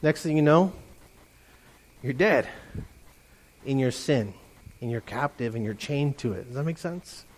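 A middle-aged man preaching a lively sermon to his congregation, animated and playful, often mimicking voices. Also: medium pitch, a little slow, pauses often. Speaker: pastor.

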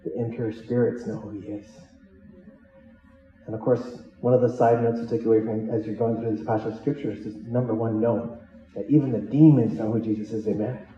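A man's voice: on the low side, fairly even intonation, fairly quick, reverberant, distant mic, dull audio, a little hiss or hum. A man preaching a sermon as a pastor, who jokes and acts out the disciples' lines as he tells the story. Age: adult with children. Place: church hall.

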